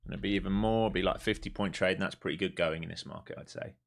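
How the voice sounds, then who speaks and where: Male trader-streamer with a lowish voice and a chatty running commentary that goes from quiet muttering to sudden excitement. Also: quick pace, creaky. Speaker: live-streaming day trader. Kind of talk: live trading commentary to viewers.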